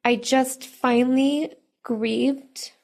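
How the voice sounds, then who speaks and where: A woman's voice: high-pitched, fairly even intonation, drawn-out words, vocal fry, darkish tone. A woman guest sharing personal family struggles candidly and emotionally on a podcast. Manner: candid, emotional, quotes her own thoughts.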